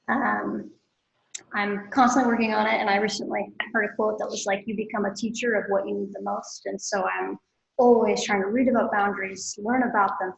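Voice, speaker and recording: A woman's voice: medium pitch, gravelly, dull audio. A woman in her twenties sharing openly with a support group, rambling and emotional. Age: 20s. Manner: rambling, emotional, self-deprecating. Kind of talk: candid personal sharing. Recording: roomy echo.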